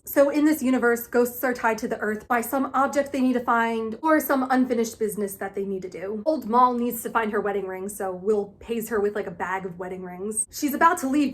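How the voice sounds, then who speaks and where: A young woman doing a chatty, gushing book recap full of self-mocking asides. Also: fairly high pitch. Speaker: book vlogger.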